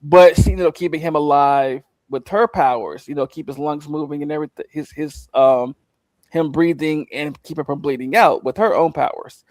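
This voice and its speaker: A man talking casually on a podcast, telling a story in a loose, rambling way full of fillers and acted-out lines. His voice sits a little high for a man. The sound is close and dry, with no room echo. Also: normal speed. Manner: rambling, animated retelling with acted-out quotes. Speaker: co-host recapping a show.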